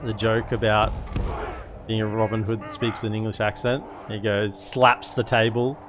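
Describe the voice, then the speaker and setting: A man's voice: lowish voice, flat delivery, normal speed, noisy background. A man live-streaming a strategy game, rambling and chatting with viewers, who breaks into sudden exclamations. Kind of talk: live gameplay commentary.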